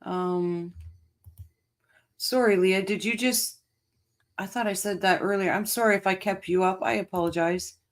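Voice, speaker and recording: A woman's voice: mid-range voice, fairly even intonation, measured pace, long pauses. A woman hosting a casual livestream, laughing and chatting with viewers in the chat. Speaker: livestream host reading chat.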